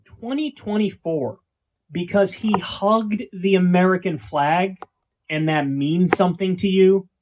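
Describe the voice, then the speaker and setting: Brief: high-pitched male host, sarcastic ranting reaction commentary. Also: a little slow, darkish tone, slight background noise. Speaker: show host reacting to clips. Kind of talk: casual profane commentary.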